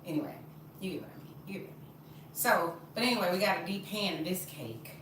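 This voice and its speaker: A woman's voice: on the low side, quick pace, fairly bright tone, distant mic. A woman, chatting expressively to her live-stream viewers while she bakes in her home kitchen. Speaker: vlogger baking at home. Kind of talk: casual live-stream chat. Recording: very echoey room, off-mic, noisy.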